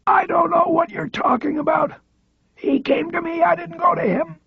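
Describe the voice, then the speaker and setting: A man voicing a paralyzed former cop who speaks in a strained, raspy voice. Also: extremely high pitch, fairly even intonation, moderate pace, highs cut off, pitched above the performer's own voice. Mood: defiant.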